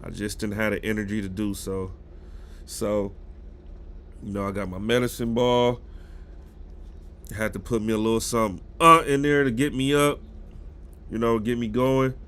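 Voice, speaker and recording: A man's voice: fairly low pitch, steady tone, moderate pace, pauses often, fairly bright tone, a little hiss or hum. A man with a cold and a stuffy nose, chatting casually with his live-stream viewers about football news. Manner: chatty, greets chat viewers directly.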